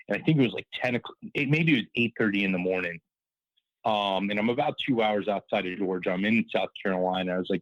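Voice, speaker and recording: A man with a somewhat low voice tells a story over a call, rambling and stacking up "like" and quoted lines. The sound is dry, with little room around it. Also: quick pace, no room sound, muffled recording. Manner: rambling, full of fillers and quoted dialogue. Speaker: caller. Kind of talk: casual storytelling on a call-in show.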